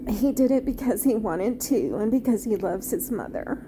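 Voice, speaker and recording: A woman and former teacher reviewing a film off the cuff, halting and heartfelt, with many fillers and restarts. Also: on the high side, animated, noisy background. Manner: tender, heartfelt.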